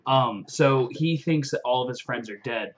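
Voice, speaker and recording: A young man excitedly recapping a fantasy novel in a rambling vlog, full of fillers and swearing. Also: medium pitch, moderate pace, slight background noise. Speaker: vlogger. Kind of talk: casual book recap. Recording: dull lo-fi audio.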